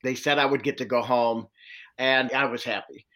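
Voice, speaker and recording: A man's voice: medium pitch, normal speed. A man telling a long personal story in an interview, earnestly acting out the voices of people he met. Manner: earnest, animated retelling with quoted dialogue. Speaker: social worker and domestic violence trainer.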